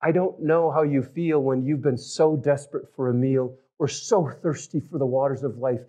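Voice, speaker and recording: Male preacher, mid-pitched, storytelling sermon with big loud-to-hushed swings. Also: fairly even intonation, normal speed. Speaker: pastor.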